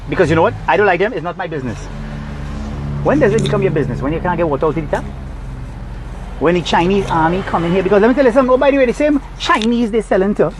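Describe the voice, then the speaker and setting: A man's voice: on the high side, slight background noise, low-quality recording. Agitated Trinidadian man ranting. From Trinidad and Tobago. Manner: agitated, preachy, scolding. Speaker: vlogger. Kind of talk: heated rant to camera. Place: parked car, outdoors.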